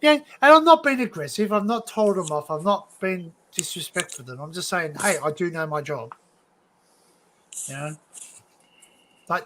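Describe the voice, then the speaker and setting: An Australian man hosting a livestream, casually telling animated work stories and acting out both sides of each exchange. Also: high voice, normal speed, pauses often, slight background noise. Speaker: livestream host; retail worker.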